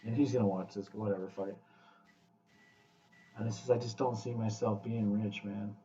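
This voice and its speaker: A man's voice: lowish voice, moderate pace. Blunt, swearing man in an echoey room. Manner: blunt, profane, animated pep talk. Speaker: podcast host. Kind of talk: casual podcast chat. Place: room with guests. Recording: echoey, distant, muffled room mic.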